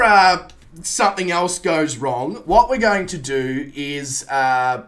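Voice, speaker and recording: A man's voice: a little high, a bit bright. An Australian man chatting casually on a live stream, greeting viewers by name and swearing lightly as he sets up a flight sim.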